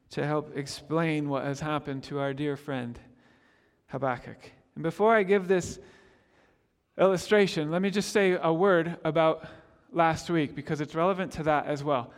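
A man preaching a sermon as pastor, expressive, swinging from loud to hushed. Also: high-pitched, in a large hall.

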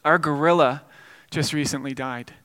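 A pastor voicing a businesslike middle-aged zookeeper giving a job instruction. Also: male voice, fairly high pitch, steady tone, moderate pace, fairly bright tone, voice pushed down, natural voice. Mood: brisk.

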